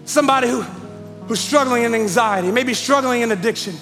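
A man's voice: extremely high pitch, a little fast, fairly bright tone, soft background music. A man preaching a sermon, calling out to his congregation with rising intensity, recorded live in a large church hall. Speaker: pastor.

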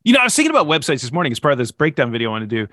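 A middle-aged man telling a story as a podcast guest, animated and self-mocking, with exasperated asides. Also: fairly high pitch, very fast, dry recording, studio quality. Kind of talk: casual storytelling in conversation.

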